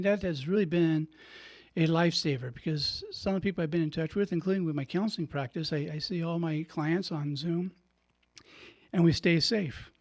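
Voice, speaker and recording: Older male radio host, fairly high voice, chatty storyteller who laughs a lot and acts out his own quotes. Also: darkish tone. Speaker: radio show host and priest. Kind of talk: casual storytelling monologue. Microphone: studio microphone.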